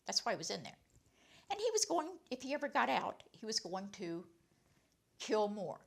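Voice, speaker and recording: A woman who used to be a teacher, telling a personal story in an animated way, her loudness swinging widely. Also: mid-range voice, normal speed, vocal fry. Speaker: former teacher.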